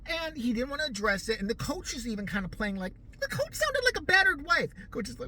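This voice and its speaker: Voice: sits high, very animated, a little fast, hardly any pauses, bright, forceful tone, a little hiss or hum. A vlogger delivering a profane, ranting commentary, laughing often.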